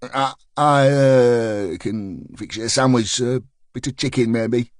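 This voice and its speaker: A man's voice: mid-range voice, slow, dry recording, studio quality, natural voice. A man doing a stammering pub landlord. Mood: nervous gossip. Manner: stammering, chatty, dialect-heavy. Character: nervous gossipy male northern pub landlord.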